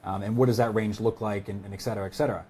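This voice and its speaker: A man's voice: on the low side, steady tone, racing, darkish tone, a little hiss or hum. A man explaining sales negotiation in a casual webinar, chatty and full of fillers and restarts. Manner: conversational, many fillers and restarts. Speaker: sales expert guest.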